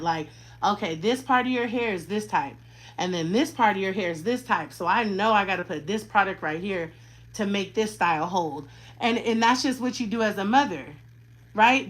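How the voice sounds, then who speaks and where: A mom in her thirties does her daughter's hair and keeps talking, casual, slangy and outspoken. Her medium-pitched voice has a fairly bright tone, and the audio quality is poor.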